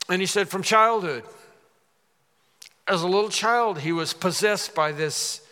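A man's voice: high voice, normal speed, fairly bright tone, big-room sound. A man preaching a sermon, explaining scripture and rising dramatically when he quotes it.

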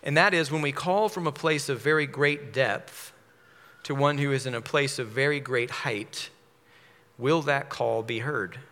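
A man preaching a measured sermon, explaining a psalm verse by verse. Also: mid-range voice, sharp tone. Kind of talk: expository sermon. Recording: long hall reverb.

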